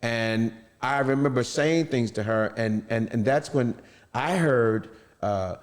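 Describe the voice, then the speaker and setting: A middle-aged man recounting a personal story, pausing and restarting often, with fillers between his phrases. His voice sits at an ordinary pitch for a man. A long reverb trails after each phrase. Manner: halting, with many restarts and fillers. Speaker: interviewee.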